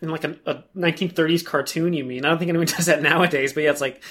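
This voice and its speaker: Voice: mid-range voice, steady tone, rapid-fire, a bit bright. A podcast co-host chatting casually about a film, rambling and repeating words as thoughts form. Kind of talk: casual comedic chat reviewing a film.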